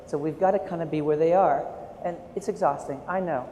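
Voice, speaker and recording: A man in his forties giving a keynote talk to teachers, telling his story with animated, self-mocking humor. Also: fairly high pitch, brisk. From United States. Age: 40s. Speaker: keynote speaker and art educator. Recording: echoey hall, faint room noise.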